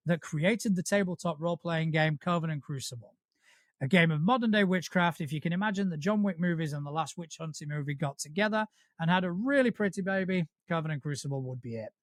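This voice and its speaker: A man's voice: high voice, no echo, studio quality. A middle-aged man co-hosting a tabletop gaming podcast, reading show plugs and trading wry banter. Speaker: podcast co-host. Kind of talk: casual chat and show plugs.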